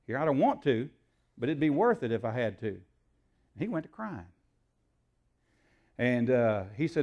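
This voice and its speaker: A man's voice: mid-range voice, sing-song, measured pace, long pauses, a little mellow. Folksy preacher man telling a story. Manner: folksy storyteller, acts out dialogue, frequent fillers. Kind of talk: sermon storytelling.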